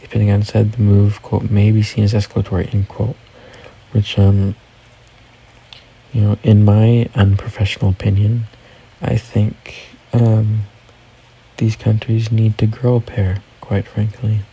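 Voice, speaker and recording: A man's voice: fairly low pitch, little pitch movement, unhurried, mellow, low-quality recording. A man hosting a casual news recap, reading headlines and adding offhand personal comments. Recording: faint background noise.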